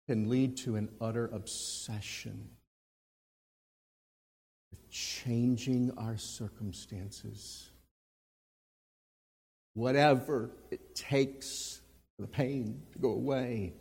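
A man preaching a sermon who swings between forceful, emphatic lines and hushed, quiet ones. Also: medium pitch, slow, gravelly, long pauses, breathy edge. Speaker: pastor. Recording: long hall reverb.

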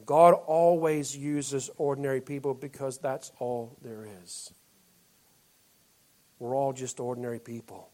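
A man preaching a sermon as pastor, moving between loud emphatic lines and quiet, slowed-down ones. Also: medium pitch, fairly even intonation.

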